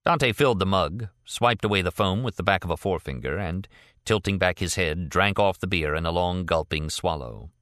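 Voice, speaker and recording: A man narrating a novel in an expressive storytelling manner. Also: deep voice, normal speed, dry recording, clean studio sound. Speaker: audiobook narrator. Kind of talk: scripted narration.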